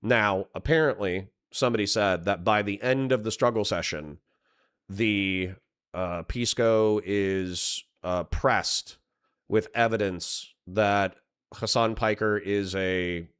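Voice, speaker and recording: Guy streaming, kinda low voice, smooth and clear, rambly and sweary. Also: slow, a bit bright. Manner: rambling, profane, reads chat aloud. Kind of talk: casual live-stream commentary.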